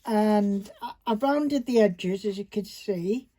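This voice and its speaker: A woman's voice: medium pitch, slow, dark tone. A woman chatting casually while she demonstrates a paper craft project, rambling and talking to herself as she works, recorded on a phone camera. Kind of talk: casual craft tutorial chat. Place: indoors at a craft table. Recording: faint background noise with paper crinkling.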